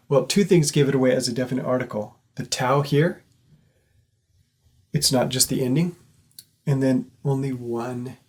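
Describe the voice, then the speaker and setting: A man with a slightly husky voice teaches a recorded class. He talks patiently, explains each point step by step and keeps checking that his students are following. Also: medium pitch, a little mellow.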